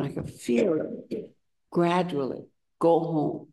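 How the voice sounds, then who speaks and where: Woman meditation teacher, dharma talk at a retreat center, slow and story-led, mid-range voice. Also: mid-range voice, expressive, darkish tone. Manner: unhurried storytelling, acting out quoted voices.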